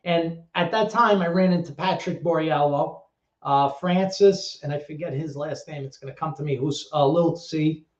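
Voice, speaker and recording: A man in his thirties, a guest telling a story in a casual interview, lively, swearing, and acting out other people's voices. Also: on the high side, moderate pace. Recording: echoey, dull lo-fi sound.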